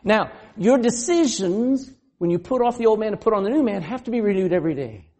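Man, pastor, sermon, fairly high voice, wide swings in pitch, mellow tone, asks the congregation questions. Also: lively intonation, fairly quick. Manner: acts out quoted voices and laughs often.

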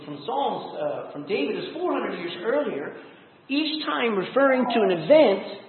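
A man leading a casual evening sermon as pastor, talking in an animated, conversational way with jokey asides. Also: high-pitched. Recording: echoey hall, tinny phone-like sound.

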